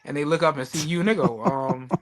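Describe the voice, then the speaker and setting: A man co-hosting a podcast, chatting casually, telling animated stories, swearing freely and acting out the voices of people he quotes. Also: on the high side, fast. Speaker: podcast co-host. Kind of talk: casual chat.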